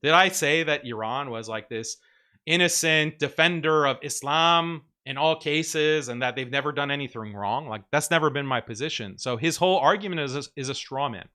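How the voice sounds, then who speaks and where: A young man hosts a casual livestream, reading out viewer messages and answering them. His voice is bright and forceful. He talks in a loose, animated, mocking way and fills his sentences with "like". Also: on the high side, moderate pace. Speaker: livestream host reading super chats.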